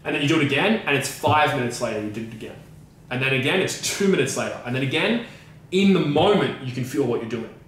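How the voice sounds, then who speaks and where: A man's voice: mid-range voice, expressive, fast, a bit bright, distant mic. A man talks in a casual podcast discussion, emphatic and profane, stacking up repeated phrases to drive his point home. He sits back from the mic in a very reverberant room, and a faint noise hangs underneath. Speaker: podcast co-host and coach.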